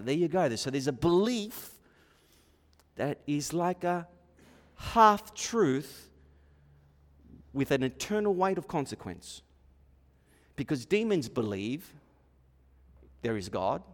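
A male preacher delivering a sermon with a somewhat high voice, animated and repetitive, acting out the voices he quotes. His words ring out with a long reverb from a large hall. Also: takes it slowly, long pauses. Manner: animated, repeats himself, acts out quoted voices.

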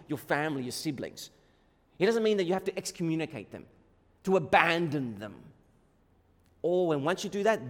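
A man with a high voice delivers a sermon in a large hall, and a long reverb trails behind every phrase. He presses hard on his key words, moves between loud and hushed passages, and acts out each line he quotes. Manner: emphatic, swings between loud and soft. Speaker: pastor.

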